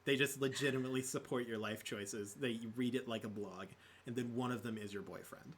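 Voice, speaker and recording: A man's voice: mid-range voice, fairly even intonation, slight background noise. A man co-hosting a gaming podcast in casual chat, joking and laughing a lot. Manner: joking, quick to laugh, puts on silly voices. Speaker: podcast co-host.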